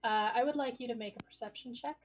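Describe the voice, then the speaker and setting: A woman's voice: fairly high pitch, fast talker, lo-fi sound, a little hiss or hum. A woman narrating as game master of a tabletop game, speaking in a descriptive, hesitant way with frequent fillers.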